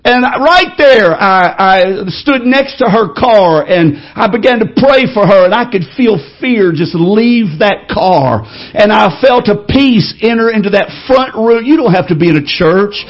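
A man pastor telling a story in a sermon, building into loud, shouted preaching. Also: sits high, animated, a little slow, lo-fi sound.

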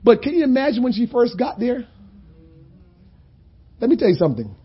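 A man preaching a sermon in a conversational, storytelling way that builds to loud, shouted points. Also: very high voice, wildly swooping pitch, normal speed, husky, dull audio.

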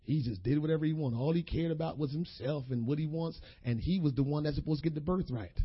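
A troubled mother frets over her careless eldest son, as a preacher voices her in his own husky voice. The lines come in a plain, casual drawl. The recording is dull and lo-fi. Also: fairly high pitch, fast talker, voice pushed down.

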